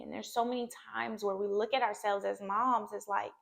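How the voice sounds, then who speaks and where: A woman's voice: medium pitch, fairly even intonation, normal speed, gravelly, hardly any pauses. A woman speaking as a therapist and mother, giving earnest, reassuring advice to camera and often checking in with "okay?". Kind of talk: heartfelt talk to camera.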